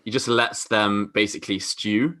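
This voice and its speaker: Bright-voiced British male co-host. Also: lowish voice, steady tone, moderate pace. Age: young adult. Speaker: podcast co-host. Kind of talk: casual comedy chat.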